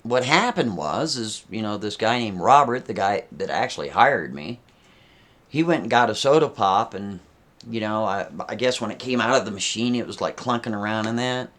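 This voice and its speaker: A man's voice: fairly low pitch, animated, normal speed, a bit bright. A man doing a jumpy, defensive nervous guy. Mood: rambling. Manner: rambling, hesitant, with stammered restarts.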